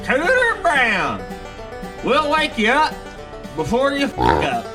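Man doing a ad guy, crude, lively pitch, over country guitar. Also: takes it slowly, heavily acted. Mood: crude salesy. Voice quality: crude, drawling. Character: rowdy southern country man pitching alarms. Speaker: spoof ad pitchman. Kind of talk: spoof radio ad. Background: country guitar music.

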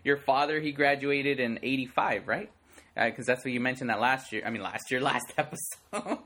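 A man in his thirties co-hosting a podcast in casual chat, laughing often and acting out others in high voices. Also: moderate pace, bright, forceful tone. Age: 30s. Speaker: podcast co-host.

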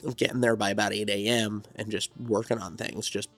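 As a guest in a casual interview, a New Jersey songwriter who owns a studio rambles reflectively through his story. His voice is on the low side and fairly bright, with little pitch movement and a slightly fast pace, and faint music plays behind him.

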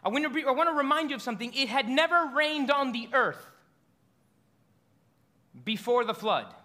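Pastor, man in his thirties, high and bright, lively sermon with stumbles and repeats. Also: moderate pace. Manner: animated storytelling preacher, stumbles and repeats words.

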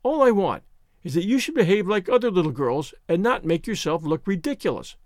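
A brisk, scolding older countrywoman from a storybook, stern but not cruel. A man voices her in his own lively, fairly high voice, recorded dry. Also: no echo. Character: stern, practical older farm woman. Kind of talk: audiobook character reading.

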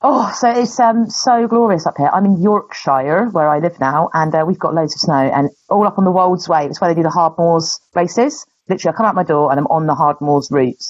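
A woman's voice: deep voice, brisk, few pauses, highs cut off. A woman co-hosting a podcast in casual chat, talking in a chatty, enthusiastic and teasing way. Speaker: podcast co-host.

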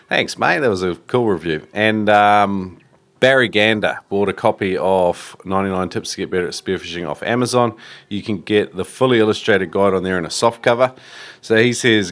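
Deep voiced guy hosting a podcast, relaxed and chatty. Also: brisk. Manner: easygoing, chatty, with fillers. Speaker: podcast host. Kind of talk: casual podcast intro.

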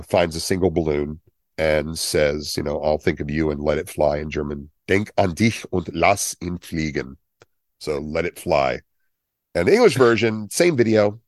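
Male podcast co-host, 50s, very low voice, jokey tangents, dry booth. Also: dry recording. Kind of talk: casual chat.

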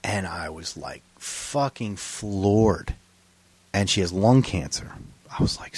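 A man's voice: low-pitched, lively intonation, slow, darkish tone, husky, no echo. A man co-hosting a podcast, talking bluntly and teasing his friend, with plenty of swearing. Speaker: podcast co-host. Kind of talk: casual banter.

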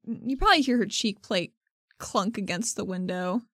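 A woman's voice: medium pitch, expressive, moderate pace, a bit bright, no room sound, clean studio sound. A woman narrating as game master in a tabletop game, in a casual and laid-back way.

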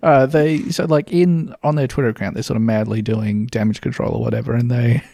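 A man's voice: mid-range voice, fairly even intonation, fairly quick, vocal fry, warm tone, dry recording. A man co-hosting a casual comedic podcast, telling the story dryly and sardonically. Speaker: podcast co-host.

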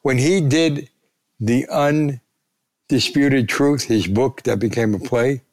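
An older man, a retired sports columnist, tells anecdotes as a guest in a gravelly, darkish, medium-pitched voice. He speaks slowly and acts out the voices of the people he quotes.

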